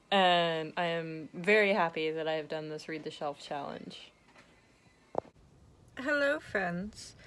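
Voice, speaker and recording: A young book vlogger chats casually about her reading week in a fairly low, fairly bright voice, with slight background noise. She's chatty and self-deprecating and swears now and then.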